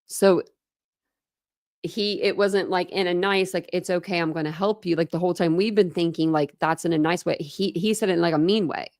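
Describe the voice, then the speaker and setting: A young woman hosts a true crime show, reading official documents aloud and stopping often to think out loud in a casual, filler-heavy way. Her voice sits a little low and has a gravelly edge. The sound is dry and close, with no room around it. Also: steady tone, normal speed, no echo. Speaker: true crime channel host.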